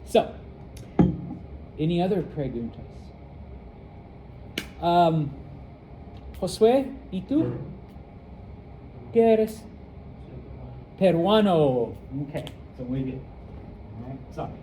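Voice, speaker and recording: A middle-aged man from the United States teaching a casual classroom lesson, rambling with lots of fillers and quick check-ins. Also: fairly high pitch, big pitch swings, warm tone, slight background noise, rough recording. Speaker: Spanish teacher.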